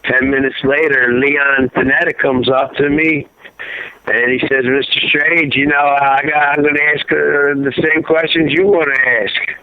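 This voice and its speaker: A man's voice: mid-range voice, steady tone, moderate pace, dry recording. A middle-aged man speaking over a narrow, phone-like line with no room sound at all. He rambles and circles back, leaning on "you know" and "uh" as he recounts events to the host. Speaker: guest, father of a fallen serviceman. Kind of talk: emotional phone interview. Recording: tinny phone line, dry.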